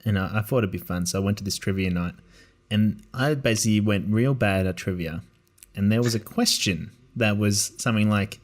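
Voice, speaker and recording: A man's voice: lowish voice, a little fast. A man in his twenties hosting a podcast, telling rambling anecdotes in casual chat and acting out the quoted people. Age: 20s. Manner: rambling anecdotes with acted-out quotes and frequent laughter. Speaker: podcast host.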